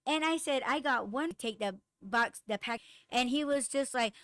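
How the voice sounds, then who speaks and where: A young woman rants through a story about a clash at work, swearing freely and acting out both sides of the argument. Her voice sits a little high, and the recording is close and dry with no room sound. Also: normal speed, few pauses, no echo. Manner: profane, animated, lots of fillers and quoted dialogue. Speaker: podcast host. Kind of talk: casual storytelling rant.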